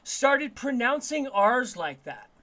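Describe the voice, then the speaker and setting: The Denver, Colorado livestream host speaks slowly in an extremely high, sharp voice with big swings in pitch. Chatting casually in slang over a video call, he often repeats and restarts what he says.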